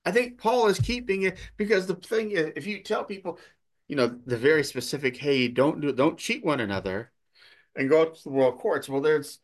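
A man's voice: a little high, lively intonation, moderate pace. A man preaching a sermon earnestly, repeating phrases and restarting sentences as he works through a text. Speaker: pastor.

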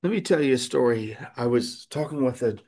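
A male pastor delivers a sermon in an easy storytelling manner. His voice sits at a middle pitch. He backtracks and restarts often, then climbs higher and louder when he presses a point. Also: expressive, brisk. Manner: storytelling, conversational, retelling with many restarts and fillers; rises in pitch and volume when preaching a point.

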